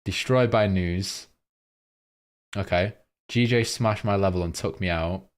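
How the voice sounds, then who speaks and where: A man's voice: low voice, unhurried, clear, resonant tone. A young man, casually going over forex charts on a live stream and reading out viewer comments.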